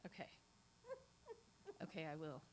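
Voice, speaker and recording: A woman's voice: deep voice, measured pace, a little mellow, a little hiss or hum. A woman singer-songwriter chatting between songs at a small live venue, giggly and rambling. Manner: giggly, rambling, self-deprecating. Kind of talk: chatty song introduction on stage.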